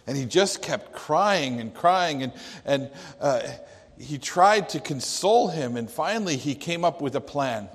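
A man preaching a sermon, telling a story slowly and deliberately, with some restarts. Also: fairly high pitch, animated, breathy edge, long reverb tail. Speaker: pastor.

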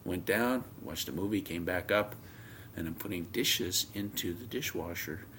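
A man preaching a sermon, telling a homely story, his voice swinging from loud emphasis down to near whispers. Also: deep voice, moderate pace, a little hiss or hum.

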